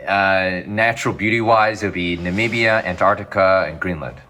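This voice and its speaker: A man being interviewed as a physician guest, talking casually in quick, rambling answers that restart and self-correct. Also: sits low, pushed and bright.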